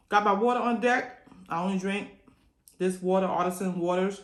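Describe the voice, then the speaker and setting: A woman's voice: mid-range voice, normal speed, pauses often, roomy sound. A woman vlogger chatting casually to camera while eating, talking with her mouth full and humming over the food, saying y'all often. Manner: folksy, says y'all often.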